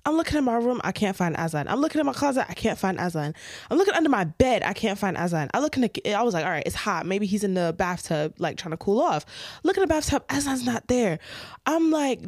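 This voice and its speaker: A young woman co-hosting a podcast, telling a story in a casual, animated way and acting out the scenes. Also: medium pitch, quick pace, dry recording, clean studio sound. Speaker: podcast co-host.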